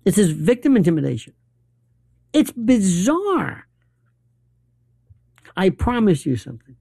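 A man's voice: fairly high pitch, fast talker, gravelly, breathy edge, no echo, studio quality. A man hosting a talk radio show, telling opinionated stories and acting out the people he quotes. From New York. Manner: animated storytelling, acts out quoted people.

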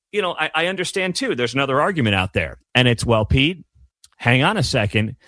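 Ranting sports talk host, dry sound. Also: male voice, on the high side, fairly bright tone, no echo. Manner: emphatic, ranting, sarcastic asides. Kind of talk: opinionated sports commentary.

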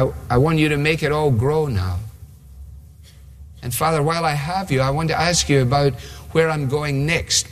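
A preacher voicing Jesus in slow, earnest prayer. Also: male voice, medium pitch, close to an everyday voice. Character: Jesus praying quietly to his Father. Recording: long hall reverb.

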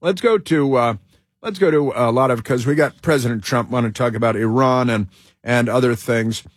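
A man's voice: medium pitch, normal speed, dry recording. A man hosting a political talk radio show, delivering an emphatic, rambling monologue full of fillers and restarts.

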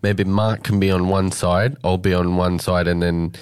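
A man's voice: deep voice, flat delivery, moderate pace, darkish tone, smooth. A man hosting a radio show from a studio, talking in a playful, upbeat and jokey way. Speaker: radio host. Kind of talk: casual radio banter.

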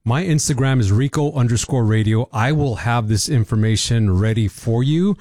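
Excited man hosting a radio interview. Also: medium pitch, moderate pace, no echo, clean studio sound. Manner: enthusiastic, excited. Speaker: radio host.

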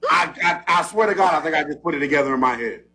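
A man trading jokes on a talk show, his bright voice swooping up and down as he ribs his co-host. He sits a touch higher than most men and keeps the banter rolling. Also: rapid-fire. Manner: animated, teasing, jumps up in pitch when excited.

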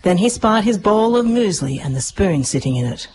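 A woman narrating a children's story with lively expression. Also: medium pitch, normal speed, slight background noise, poor audio. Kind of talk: storybook reading.

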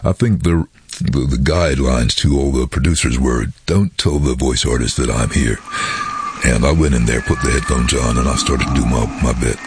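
A man who works as a voice-over artist, telling lively stories in an interview and slipping into quick impressions. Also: rumbling low, noisy background. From London. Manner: lively anecdotal, slips into impressions. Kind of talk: interview storytelling.

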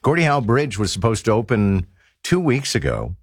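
A man's voice: lowish voice, very animated, normal speed, breathy edge, no echo, studio quality. A man hosting a talk radio show, conversational with wry asides.

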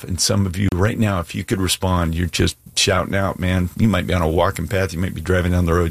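A man with a low, husky voice preaches an earnest sermon, pleading and emphatic but plain-spoken, dropping in casual asides. The sound is close and dry. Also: flat delivery, fairly quick, hardly any pauses, no room sound. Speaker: pastor. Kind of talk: sermon with altar call.

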